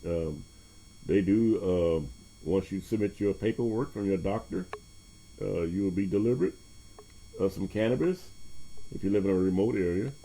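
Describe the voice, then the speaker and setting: A man's voice: sits low, moderate pace, pauses often, mellow, a little hiss or hum. A man hosting his own podcast in a loose, profane monologue, laughing often and jumping between topics. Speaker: podcast host. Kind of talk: casual monologue.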